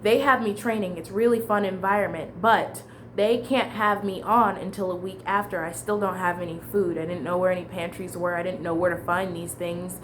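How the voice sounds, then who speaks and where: A woman's voice: lowish voice, steady tone, normal speed, slight background noise. A young adult woman telling a casual storytime monologue, candid and rambling, restarting her sentences and swearing freely. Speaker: vlogger.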